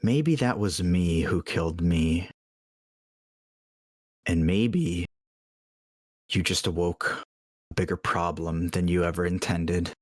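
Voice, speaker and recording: A man plays a shapeshifting townmaster who drops into a low, hushed voice and speaks slowly and directly, with quiet menace, in a tabletop role-play. The sound is dry and close. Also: no room sound. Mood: menacing.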